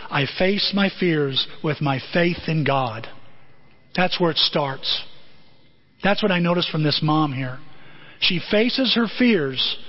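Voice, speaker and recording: A middle-aged male pastor preaching a sermon in a conversational way, with many rhetorical questions. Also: sits high. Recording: dull lo-fi audio.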